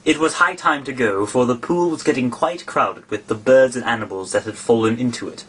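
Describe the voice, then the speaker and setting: Husky male storybook narrator. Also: medium pitch, brisk, a bit bright.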